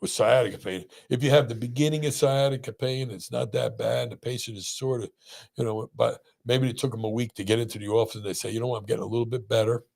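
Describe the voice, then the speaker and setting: Podcast host, male doctor, middle-aged, rough husky voice, lively storyteller. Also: mid-range voice, fairly quick. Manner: animated, acts out quoted voices. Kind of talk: casual storytelling chat.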